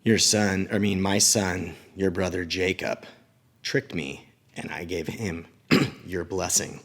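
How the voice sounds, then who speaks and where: A man voicing a blind, frail old father in a children's Bible story, speaking slowly and softly. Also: low-pitched, steady tone, gravelly, full character voice. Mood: puzzled.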